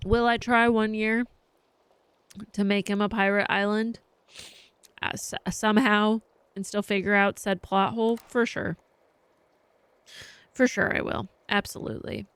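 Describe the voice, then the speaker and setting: A woman's voice: medium pitch, little pitch movement, a little slow, long pauses, clean tone, no room sound. A woman live-streaming, telling a rambling story in casual chat and swearing freely.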